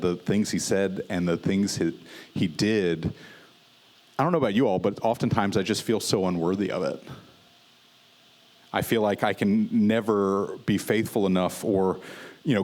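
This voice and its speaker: A man's voice: fairly low pitch, darkish tone. A man preaching a conversational sermon as pastor, mixing casual fillers and light humor into scripture teaching. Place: church service.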